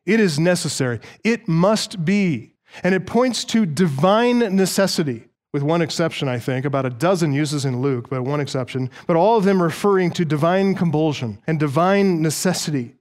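Earnest male preacher, slightly high voice. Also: expressive, moderate pace. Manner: earnest, emphatic, with dry asides. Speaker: pastor. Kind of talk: expository sermon.

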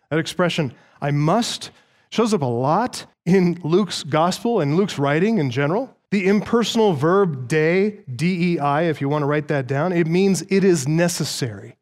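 Guy preaching a verse-by-verse sermon, a bit high-pitched, earnest and emphatic with dry little asides. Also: moderate pace, a little mellow. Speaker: pastor. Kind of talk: expository sermon.

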